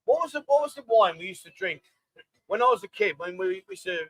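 A man's voice: high voice, lively intonation, fast, fairly bright tone, no room sound, rough recording. A man hosting a casual live chat show from a bar, chatty and scattered, thanking people by name as he goes. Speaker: host. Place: Pattaya bar.

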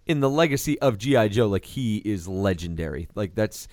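A man hosting a casual movie review podcast, animated, laughing often and swearing casually. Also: fairly low pitch, brisk, no room sound, studio quality. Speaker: podcast host.

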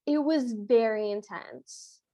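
Woman, high voice, dry close mic, amused expressive cartoon recap. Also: slow, no echo. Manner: amused, expressive, laughs easily. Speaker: podcast co-host. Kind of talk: casual chat reviewing a cartoon.

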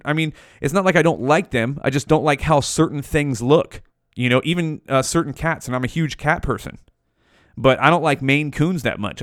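A man's voice: a little high, dry recording, studio quality. A man hosting a podcast, musing aloud in a profane, rambling, casual monologue. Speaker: podcast host.

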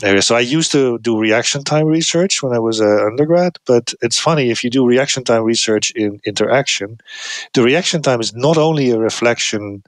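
A man's voice: mid-range voice, moderate pace, no echo. A middle-aged man explaining his research casually, thoughtful, often restarting phrases and acting out example replies. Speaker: guest researcher.

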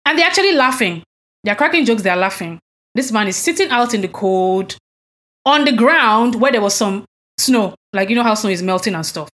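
Her voice sits a little high, expressive and fairly bright, at a moderate pace. Co-hosting a relaxed podcast conversation, she relates events with emphatic indignation and poses pointed rhetorical questions.

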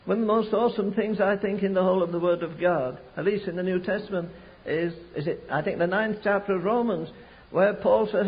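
An older man preaching a sermon, telling stories slowly and rising to fervent pleas. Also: high voice. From England. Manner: storytelling with slow emphatic stretches, rising to fervent pleas. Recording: muffled lo-fi sermon recording.

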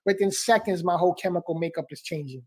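A man's voice: sits high, quick pace, breathy edge. A man speaking as a podcast guest, fervent and motivational, repeating phrases and calling the host bro and man.

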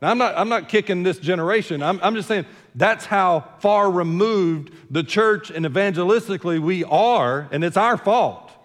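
A man's voice: high voice, moderate pace, hardly any pauses, long reverb tail. An older man preaching a sermon as senior pastor, talking in a conversational way with joking asides and repeating words as he starts a thought. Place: church sanctuary.

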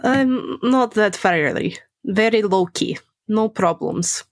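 A woman plays a formal female vampire with a thick put-on Russian accent and terse, article-dropping sentences. Her pitch sits in an ordinary middle range, and the voice comes from a tabletop game session with faint music behind it. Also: animated, slow, dry recording. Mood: friendly, guarded. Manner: clipped speech, drops articles. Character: guarded female vampire emigrant, clipped and formal.

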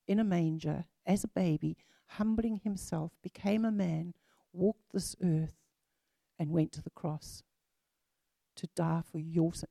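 A woman's voice: fairly low pitch, vocal fry, dark tone, dry recording. A woman in her fifties preaching a sermon in a chatty way, with many fillers and restarts.

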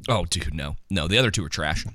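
A man's voice: deep voice, animated, quick pace, sharp tone, no room sound, studio quality. A man co-hosting a podcast, chatting casually about movies in a rambling, joking way with lots of ums and restarts. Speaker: podcast co-host.

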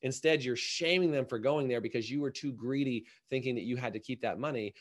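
A man's voice: mid-range voice, brisk. Emphatic man talking salon business. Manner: emphatic and animated, acts out little quoted voices. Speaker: salon business coach and podcast guest. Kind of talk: casual podcast conversation.

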